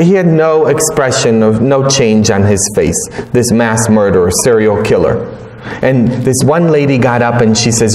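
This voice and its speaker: Priest, man, higher voice, earnest storyteller, echoey hall. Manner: earnest, repetitive emphasis, storytelling. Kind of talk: Bible study teaching. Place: parish hall or church.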